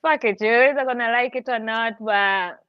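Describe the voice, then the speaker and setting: A woman's voice: fairly high pitch, moderate pace, smooth, dry recording, muffled recording. Blunt woman with a mixed accent. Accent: mixed international accent. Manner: blunt, swears freely. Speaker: podcast guest panelist. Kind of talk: casual panel chat.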